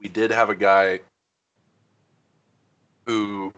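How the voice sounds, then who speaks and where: A young man co-hosts a baseball watch party, chatting casually, laughing along and chiming in with quips. His voice is on the low side, level in tone, very slow and a bit bright, on a lo-fi recording with a little hiss or hum.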